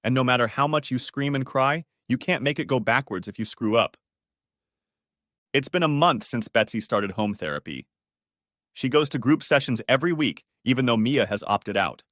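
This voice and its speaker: A man narrating a dramatic first-person story in an expressive storytelling manner. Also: medium pitch, moderate pace, dry recording, studio quality. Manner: expressive, switching between characters' first-person accounts.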